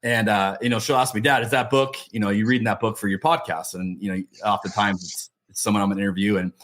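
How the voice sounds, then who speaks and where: A man's voice: on the low side, steady tone, fast talker, a bit bright. A middle-aged man hosting a podcast, talking casually with many restarts and fillers. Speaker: podcast host. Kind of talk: casual interview chat.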